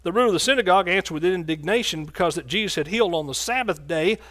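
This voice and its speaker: A man's voice: sits high, expressive, rapid-fire, a bit bright. A man preaching a sermon in a folksy, joking way.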